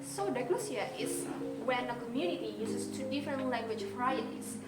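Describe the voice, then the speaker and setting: A woman's voice: a little high, animated, fairly quick. A young woman co-hosting a casual podcast, agreeing and adding short explanations. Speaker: podcast co-host. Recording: echoey room with loud music behind.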